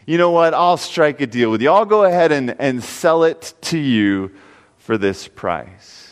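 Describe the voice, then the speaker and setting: A preacher voicing a shrewd, haggling landowner. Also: male voice, on the high side, lively intonation, a little slow, smooth, in a large hall. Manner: wheedling, bargaining.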